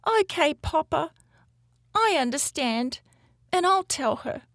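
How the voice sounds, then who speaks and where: A woman voicing an eager, affectionate baby female orca in a high, childlike voice for a storybook. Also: lively intonation, slow pace, a bit bright, no room sound, studio quality, heavily acted. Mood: pleading.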